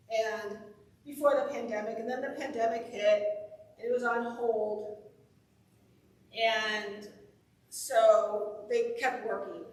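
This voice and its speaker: A woman's voice: a little high, slight background noise. A woman minister giving a conversational, upbeat sermon full of personal stories. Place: church sanctuary. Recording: echoey hall, voice from far off.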